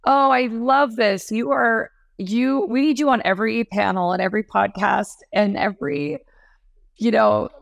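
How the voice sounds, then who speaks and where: Gravelly enthusiastic woman host. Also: on the high side, steady tone, normal speed, no echo. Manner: enthusiastic, affirming. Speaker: interview host. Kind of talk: casual interview chat.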